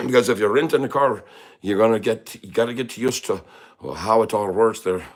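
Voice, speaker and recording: Cheeky Irish leprechaun as a streamer puts him on, put-on Irish accent, boastful and teasing, fairly low male voice. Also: moderate pace, lightly acted. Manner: cheeky, mock-tough, teasing chat viewers. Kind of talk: live-stream chat in a put-on voice.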